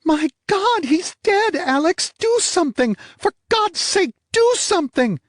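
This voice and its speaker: A man voicing a theatrical young blonde wife in an audiobook, pleading in a shrill, high falsetto wail. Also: slow pace, dry recording, natural voice. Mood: hysterical. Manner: melodramatic, breathless pleading. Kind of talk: audiobook character voice.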